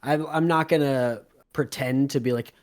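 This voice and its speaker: A young man co-hosting a music podcast, playful and excitable, laughing often in casual chat. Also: mid-range voice, moderate pace. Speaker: podcast co-host.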